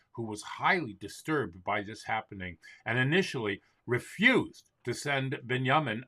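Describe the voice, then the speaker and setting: A man hosting a show, reading a summary in a steady, clear manner. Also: mid-range voice. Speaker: host.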